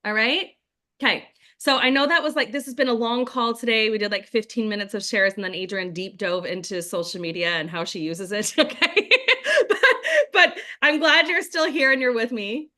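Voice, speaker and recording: Her fairly high, sharp voice moves at a moderate pace as she trains a group on a video call about network marketing. Chatty and full of "like" and "right?", she acts out sample scripts in quotation.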